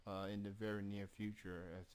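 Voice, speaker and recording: A man's voice: lowish voice, level tone, brisk, a little mellow, clear, resonant tone. A man with a Southern accent hosting an interview, talking hesitantly with many fillers and restarts. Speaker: interview host. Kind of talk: casual interview.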